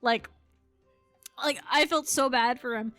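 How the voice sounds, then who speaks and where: A woman's voice: sits high, steady tone, slow pace, fairly bright tone, soft background music. A young woman gaming streamer telling a story in casual chat, giggly and chatty. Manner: giggly, chatty, lots of laughing and voiced quotes. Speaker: game streamer. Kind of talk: casual storytelling while playing.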